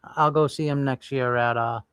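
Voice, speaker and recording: A man's voice: mid-range voice, steady tone, moderate pace, a bit bright, clear, resonant tone, dry recording. A man hosting a casual livestream, rambling and thinking aloud while browsing and chatting with viewers. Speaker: livestream host.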